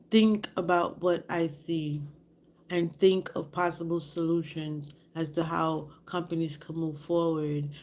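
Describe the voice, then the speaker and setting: A woman's voice: deep voice, darkish tone, a little hiss or hum. A woman vlogger telling a story in a candid, rambling way, often dropping to a whisper. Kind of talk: casual storytelling to camera.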